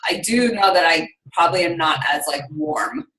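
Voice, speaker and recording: A woman's voice: fairly low pitch, expressive, moderate pace, a bit bright, reverberant, rough recording. A woman health coach in a casual chat, hesitant and thoughtful as she talks. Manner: hesitant, many fillers and restarts.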